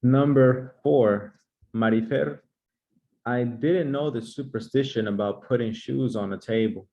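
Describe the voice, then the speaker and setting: A man's voice: medium pitch, dark tone, highs cut off. Upbeat male teacher running a class. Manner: brisk, upbeat, quick praise. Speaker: English teacher. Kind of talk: playful classroom sketch.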